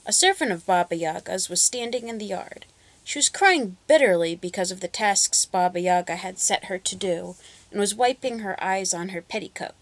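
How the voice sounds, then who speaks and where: A woman reads a fairy tale aloud in an expressive, measured voice. Her pitch sits in the middle range. The recording is dry and close. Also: no echo. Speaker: storyteller. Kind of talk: storybook reading.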